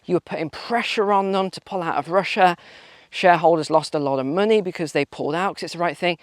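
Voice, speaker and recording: A man's voice: high-pitched, fast talker, dry recording, studio quality. A man hosting a walking vlog outdoors, talking in a sarcastic, mocking way. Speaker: vlog host. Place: outdoors on a walk.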